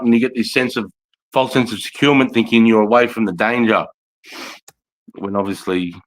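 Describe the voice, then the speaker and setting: A man's voice: mid-range voice, pushed and bright, rough recording. A man with an Australian accent hosting a live stream, talking bluntly and rambling with lots of swearing. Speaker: livestream host, veteran. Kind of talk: casual live commentary.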